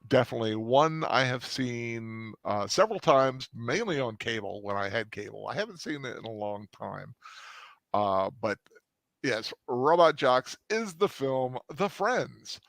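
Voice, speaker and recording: A man's voice: medium pitch, expressive, measured pace, gravelly, a bit bright, no echo. A man hosting a casual film chat, talking in a rambling way with many fillers and restarts. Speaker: host.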